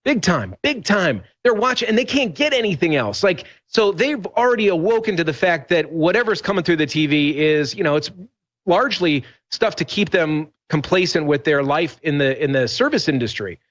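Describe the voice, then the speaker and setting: A fairly high-voiced man tells stories in a rambling, emphatic way on a talk show. The audio is dull and lo-fi, like a broadcast feed. He keeps restarting sentences as he pushes his point. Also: lively intonation, moderate pace, fairly bright tone. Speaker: radio host guest. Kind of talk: animated talk show conversation.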